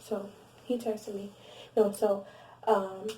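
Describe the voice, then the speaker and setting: A young woman vlogger telling a casual storytime, animated and blunt, swearing freely and restarting her sentences. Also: mid-range voice, slow pace, distant mic, a little hiss or hum. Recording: roomy echo, voice set back from the mic.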